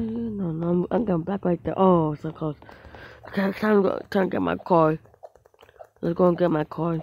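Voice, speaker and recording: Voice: mid-range voice, darkish tone, slight background noise, low-quality recording. A gamer giving casual let's-play commentary on their own mobile play, rambling to themselves with frequent restarts and small outbursts at the game.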